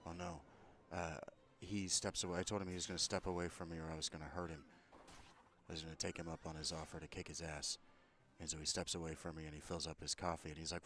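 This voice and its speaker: A man's voice: deep voice, flat delivery, quick pace, a bit bright. A man telling an angry, profane story about a confrontation, aggrieved and heated. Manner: profane, aggrieved, retells a confrontation with mounting anger. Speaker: vlogger.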